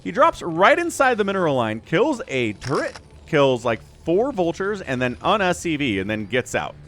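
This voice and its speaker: A man giving casual esports commentary as caster, chatty and rambling, getting excitable at the action. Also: fairly high pitch, moderate pace, a little hiss or hum. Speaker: game caster.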